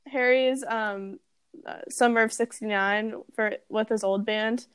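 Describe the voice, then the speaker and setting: A woman's voice: a little high, fairly even intonation, measured pace, clear, resonant tone, dry recording. A woman in casual fan chat, giggling often and filling her talk with "like" and "um". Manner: giggly, filler-heavy fan chatter.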